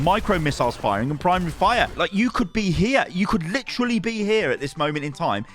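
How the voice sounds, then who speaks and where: A man's voice: fairly high pitch, big pitch swings, fairly quick, few pauses, a bit bright, soft background music. A man reviewing gameplay replays as a coach, exasperated and firing off repeated rhetorical questions.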